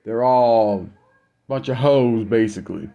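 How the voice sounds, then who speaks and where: A man's voice: mid-range voice, measured pace, creaky, dull audio. A young man telling a family story in a casual, blunt, profane rant. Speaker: vlogger.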